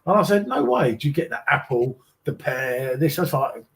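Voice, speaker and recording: A man bantering on a beer-review stream. His voice sits high for a man. He mocks, swears and jokes in casual chat. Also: sing-song, normal speed, creaky.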